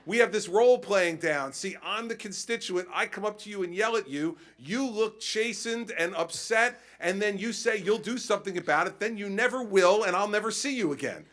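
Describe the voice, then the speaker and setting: A man's voice: sits high, moderate pace, hardly any pauses, fairly bright tone, pitched above the performer's own voice. A man doing a scolding, indignant voter. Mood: mocking. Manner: mocking, singsong, acted-out complaint. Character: indignant constituent scolding a politician, adult man.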